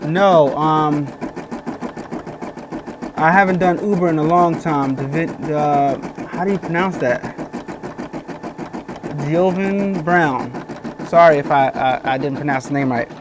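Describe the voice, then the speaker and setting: A man's voice: fairly high pitch, normal speed, noisy background. A man hosting a casual livestream, chatting with viewers and reading their comments aloud while he works. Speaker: livestream host. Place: home workroom with embroidery machine running. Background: sewing machine running.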